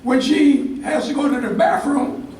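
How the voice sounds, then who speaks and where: A man's voice: very high voice, very echoey, far from the mic, a little hiss or hum, pitched above the performer's own voice, low-quality recording. A man voicing an eager, curious young boy of about nine who asks questions in a rush. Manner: excited rapid questions.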